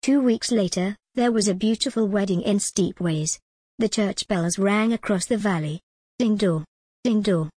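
A woman narrating a simple storybook in a plain, measured way. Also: mid-range voice, darkish tone, husky, no room sound, clean studio sound.

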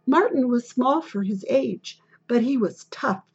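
A woman narrating a children's biography in a steady, deliberate storybook reading, on a dull lo-fi recording. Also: fairly high pitch, slightly rough, soft background music.

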